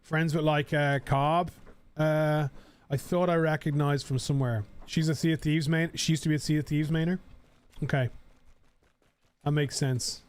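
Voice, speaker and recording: A man's voice: on the high side, fairly even intonation, moderate pace, clear, resonant tone. A young man with an Irish accent, chatting casually and rambling while streaming a game. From Ireland. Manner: rambling, chatty, swears casually, frequent fillers. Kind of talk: casual live-stream chat while gaming.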